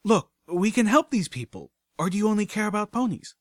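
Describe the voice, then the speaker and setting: A man's voice: mid-range voice, animated, normal speed, fairly bright tone, dry recording, studio quality, natural voice. Small determined unicorn mare, earnest and pushy, from a male reader. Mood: indignant. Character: small young female unicorn, determined and blunt.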